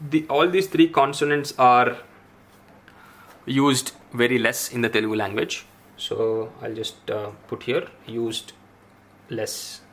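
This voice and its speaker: A male language teacher who talks slowly and deliberately at a middle pitch. He says each syllable more than once and fills the gaps with soft "uh" pauses as he explains. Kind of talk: explaining a writing lesson.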